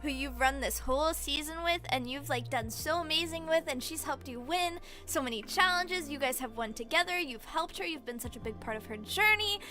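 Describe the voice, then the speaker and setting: A woman streamer in casual chat, excitably rambling through a story with lots of "like". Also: sits high, brisk, few pauses, soft background music. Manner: excitable rambling retelling, heavy use of "like".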